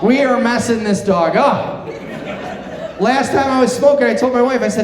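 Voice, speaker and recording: With an extremely high voice at normal speed, a middle-aged comedian performs a stand-up set on a theater stage before a live crowd. He trades self-deprecating stories and banter with the audience, amid background noise and the room's long, echoing reverb.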